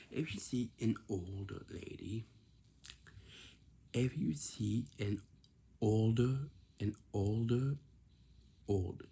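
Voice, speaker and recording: A young man giving casual advice, talking in halting phrases that he often restarts and sometimes drops to a whisper. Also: fairly low pitch, gravelly, dark tone.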